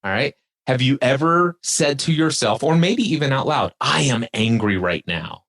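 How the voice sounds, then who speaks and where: A man's voice: mid-range voice, expressive, moderate pace, fairly bright tone. A man on a podcast, talking reflectively about spiritual awareness and leading the listener through spoken exercises. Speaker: podcast guest. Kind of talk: casual spiritual conversation.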